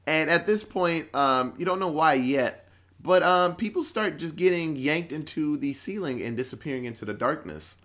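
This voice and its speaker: A man's voice: on the high side, lively intonation, normal speed, a bit bright. A man in a casual chat, recapping a horror movie in a rambling, profane way with lots of fillers.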